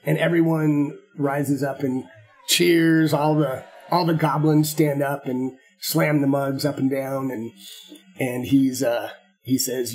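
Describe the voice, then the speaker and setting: A man narrating as game master of a tabletop game, halting and repeating words as he goes. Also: mid-range voice, little pitch movement, darkish tone, slightly rough.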